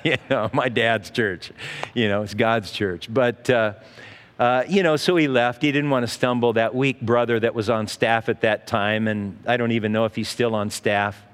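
A man's voice: mid-range voice, moderate pace, clear, resonant tone, long reverb tail. A middle-aged man preaching a sermon as pastor, in a folksy, conversational way with asides and restarts.

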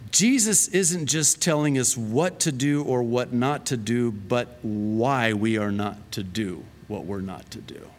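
A man preaching a sermon in a lively, conversational way, often laughing at his own jokes. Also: medium pitch. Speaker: pastor. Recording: long reverb of a large hall.

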